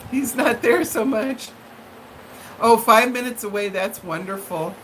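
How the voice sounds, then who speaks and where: A woman's voice: a little high, unhurried, fairly bright tone, a little hiss or hum, rough recording. A woman hosting a live stream from home, chatting casually with viewers in a rambling, friendly way with lots of fillers. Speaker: livestream host chatting with viewers. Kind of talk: casual live-chat monologue.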